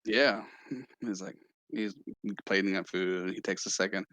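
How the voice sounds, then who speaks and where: A man's voice: sits low, fairly even intonation, measured pace, a bit bright, no echo. A man narrating as game master of a tabletop game in a loose, rambling way with many fillers.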